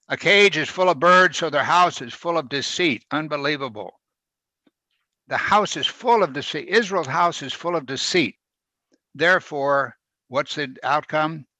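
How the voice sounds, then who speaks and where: A man preaching a verse-by-verse sermon, with sharp rises and drops in volume for emphasis. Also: medium pitch, dry recording. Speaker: pastor.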